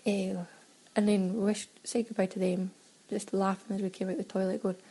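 A woman's voice: mid-range voice, level tone, moderate pace, mellow, husky, poor audio. A Scottish woman chatting casually through a travel audio diary, laughing often and acting out little exchanges. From Scotland. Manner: chatty, laughing, breaks into quoted exclamations. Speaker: audio diarist.

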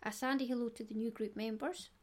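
A woman's voice: on the high side, steady tone, fast talker, darkish tone. A middle-aged Scottish woman hosting a knitting podcast, chatty and digressive with giggles. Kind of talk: casual solo podcast chat.

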